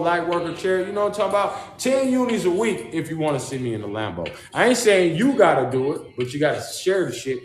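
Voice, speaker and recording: Man, livestream host, slangy and profane, rambling with repeated catchphrases, echoey room. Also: on the high side. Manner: rambling, repeats "Charles" and "chosen one" as a refrain; profane, slangy street talk. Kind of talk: casual livestream monologue. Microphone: phone.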